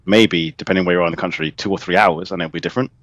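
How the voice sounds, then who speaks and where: A man's voice: low voice, fairly even intonation, very fast, fairly bright tone, no room sound. A man with a southeast English accent hosting a casual livestream chat, teasing and chatty. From England. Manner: teasing, chatty, laughs a lot. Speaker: livestream host.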